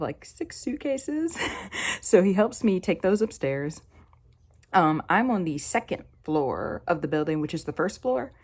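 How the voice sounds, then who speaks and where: A woman's voice: sits low, a little mellow. A young woman with a Southern US accent telling a story in a rambling, chatty way, laughing often. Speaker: vlogger. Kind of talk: casual storytelling.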